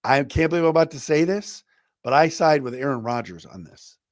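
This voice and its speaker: A middle-aged man hosts a sports talk podcast, airing strong opinions in a loose, conversational way and slipping into other people's quoted lines as he tells the story. His voice sits a little high for a man and is recorded close and dry, with no room sound around it. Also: expressive, a little fast, no echo. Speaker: podcast host.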